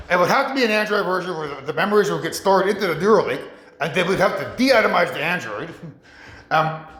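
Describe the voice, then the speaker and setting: A man in a rambling monologue who talks haltingly, restarts his sentences often and laughs a lot. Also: high voice, animated, a bit bright, roomy sound. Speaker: vlogger.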